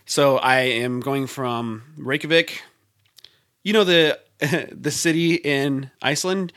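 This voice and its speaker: A man chatting casually and telling a travel story, animated and laughing often. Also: fairly high pitch, slow. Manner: animated, laughs often, puts on voices for quotes.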